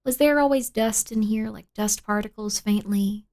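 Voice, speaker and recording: A woman streaming a spooky game, chatting playfully with viewers, dropping to whispers while searching and bursting into excited shouts. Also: mid-range voice, normal speed, few pauses. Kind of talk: casual live-stream gaming chat.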